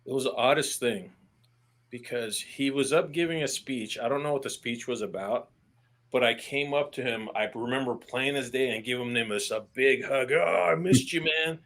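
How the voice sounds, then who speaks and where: A man who is an army veteran, talking candidly as a podcast guest, plain-spoken and earnest, with casual swearing and halting restarts when he stresses a point. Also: mid-range voice, fairly bright tone. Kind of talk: candid podcast interview conversation.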